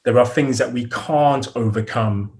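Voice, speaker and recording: Give me an earnest, middle-aged British man in a relaxed interview. His voice sits in a plain middle register. He restarts phrases as he gathers his thoughts and laughs lightly now and then. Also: medium pitch, measured pace. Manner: earnest, repeats words as he thinks, chuckles often. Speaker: podcast guest. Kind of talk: reflective interview storytelling.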